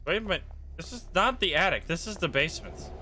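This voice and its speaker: A young male streamer reads a horror game's text aloud and breaks in with chatty, wry remarks. His voice sits a little high and sounds bright and forward. Faint noise hangs behind him. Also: lively intonation. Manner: chatty and wry, reacts with quick asides and swearing. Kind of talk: live gameplay commentary, reading game text aloud.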